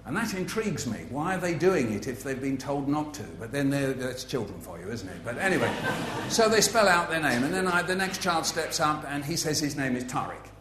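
A man's voice: on the high side, sing-song, a little fast, few pauses, roomy sound, noisy background. A man giving a humorous author talk to a live audience, playful and facetious, full of asides. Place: festival venue with an audience.

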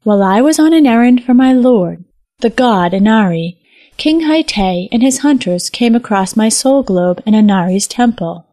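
Woman voicing a sorrowful fox spirit maiden, storybook, soft and solemn. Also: a little high, animated, normal speed, no room sound, lightly acted.

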